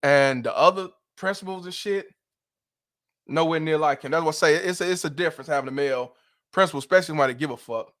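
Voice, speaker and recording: A middle-aged man with a somewhat high-pitched voice, hosting a live commentary stream. He talks bluntly and emphatically, swearing freely as he presses his points. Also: fast, a bit bright. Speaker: host. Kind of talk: livestream commentary rant.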